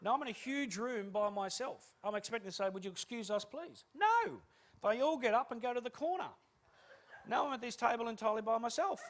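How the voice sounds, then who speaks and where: Man, keynote speaker: high voice, rapid-fire self-deprecating stories with acted-out dialogue. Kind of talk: humorous keynote storytelling.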